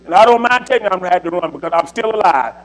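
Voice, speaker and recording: A man's voice: high voice, animated, very fast, a bit bright, faint music behind, poor audio. A man, preaching to a church congregation in a folksy, repetitive, exhorting way. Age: 70s. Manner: folksy, repetitive, exhorting with 'see' and 'you know'. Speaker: church speaker.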